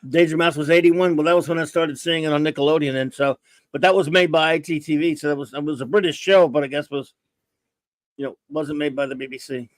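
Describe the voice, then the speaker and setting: A man's voice: on the high side, steady tone, quick pace, no echo. A man from the United States hosting a casual livestream chat over a video call, thinking aloud with many restarts. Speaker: host.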